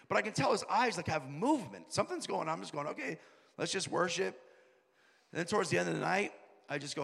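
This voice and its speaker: Male preacher, gravelly, fairly high voice; storytelling sermon, reverberant hall. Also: fairly bright tone. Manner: storytelling, quoting people in lowered voices.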